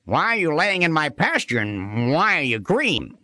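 A man's voice: a little high, big pitch swings, normal speed, bright, forceful tone, pitched above the performer's own voice. A man voicing a lazy, indifferent male cow in a children's story, mumbling and humming through his words. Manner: mumbling, drawling with hums and fillers. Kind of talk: storybook character voice.

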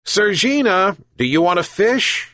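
A man's voice: sits high, animated, measured pace, bright, forceful tone, no echo, clean studio sound, voice pushed up, heavily acted. A man voicing a kind, sick old fisherman who calls and pleads with his pets. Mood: calling. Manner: calling out, pleading.

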